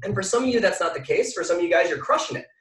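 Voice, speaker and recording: A man giving a motivational talk to an audience, energetic and often asking the listeners questions. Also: sits high, rapid-fire. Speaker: mindset speaker. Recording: echoey room from far off.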